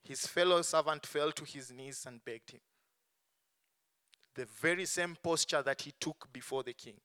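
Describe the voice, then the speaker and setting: A man preaching a sermon, stressing points strongly and letting phrase endings fall soft and low. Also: measured pace, clean tone. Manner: emphatic, swings between strong stresses and soft dropped endings.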